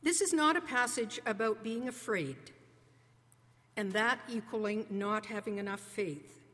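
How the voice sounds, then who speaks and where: A woman preacher giving a sermon in an earnest, conversational way, slowing down to stress key words. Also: a little high, a bit bright. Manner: earnest, conversational preaching with slow emphatic pauses. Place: church sanctuary. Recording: long reverb of a large hall.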